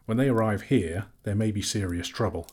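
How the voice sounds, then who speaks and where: A man voicing a polite, fussy male hobbit who talks in a brisk, businesslike, genteel way, a little husky. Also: on the low side, a little mellow.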